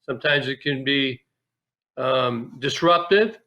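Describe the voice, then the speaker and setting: A man's voice: mid-range voice, slow pace. A man guest, a former pro ballplayer, telling candid, folksy stories in a casual interview. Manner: animated, candid, folksy with restarts.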